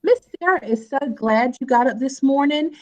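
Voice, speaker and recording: A woman teaching a live online phonics lesson to young children over a video call, sounding out letters in a slow sing-song way. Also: high voice, lively intonation, dull audio.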